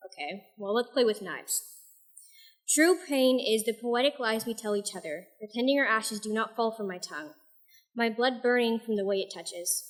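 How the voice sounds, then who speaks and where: At an open mic night, a young woman reads her own poetry and an excerpt from her novel, speaking softly and putting herself down a little between pieces. Her voice is on the high side and her speed normal. Soft music plays in the background.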